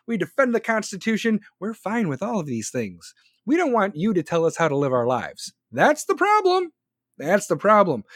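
Profane ranting man, lively high voice. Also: dry recording, studio quality. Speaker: podcast host. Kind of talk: political rant.

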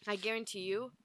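A woman's voice: fairly high pitch, gravelly, a bit bright. A young woman doing a casual snack taste test, rambling with lots of fillers and swearing. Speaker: food taster.

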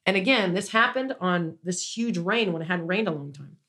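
A woman's voice: lowish voice, lively intonation, normal speed, a bit bright. A woman, a small business owner, telling a long story in a casual interview, rambling with many restarts and an indignant edge.

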